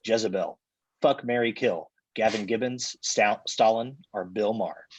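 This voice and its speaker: A man reading the stage directions deadpan in a live comedy table read. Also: lowish voice, normal speed, slightly rough, poor audio.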